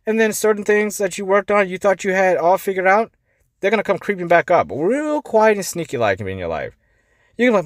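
A man hosting a motivational life-coaching podcast. He talks bluntly, swears, and swings between quiet asides and emphatic pushes. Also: high voice, sing-song, brisk, no echo, studio quality. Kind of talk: motivational monologue.

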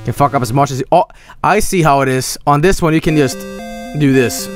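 A man streaming a video game, commenting in an exasperated, profane way with frequent yelled protests. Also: on the high side, a little fast. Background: game music.

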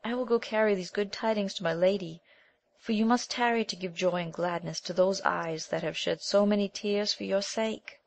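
A woman's voice: medium pitch, fairly even intonation, normal speed, creaky, close to an everyday voice. A woman voicing an eager young damsel messenger in an audiobook. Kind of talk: audiobook character voice.

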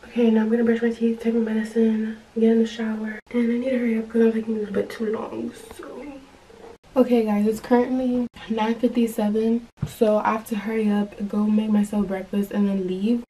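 A woman's voice: on the high side, flat delivery, brisk, dark tone, slight background noise, rough recording. A young woman vlogging to her phone camera in her bedroom, rambling and chatty with lots of "like", a little stuffy from allergies. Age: young adult. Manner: rambling, chatty, heavy use of "like". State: stuffy from allergies and a runny nose. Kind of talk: casual vlog chat to camera. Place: bedroom at home.

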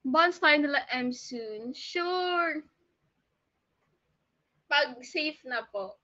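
A woman's voice: high voice, lively intonation, extremely slow, bright, forceful tone, highs cut off. A young woman with a Filipino accent chatting casually on a livestream, bubbly and switching between English and Tagalog. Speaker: idol livestreamer.

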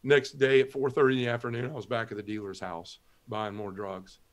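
A man's voice: medium pitch, flat delivery, a little fast. A man guest on a talk show, telling his personal conversion story and acting out the dialogue as he goes. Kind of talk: personal testimony.

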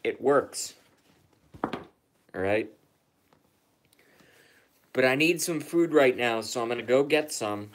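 A man's voice: medium pitch, moderate pace, few pauses. A man chatting casually on his live stream, rambling, sarcastic and profane, often repeating himself.

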